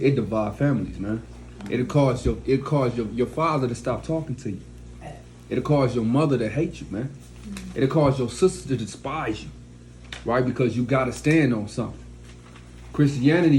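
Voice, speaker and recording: A man's voice: medium pitch, dark tone. A man teaching a study group, speaking in a blunt, profane, mocking way. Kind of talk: preaching to a class. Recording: echoey room, faint background noise.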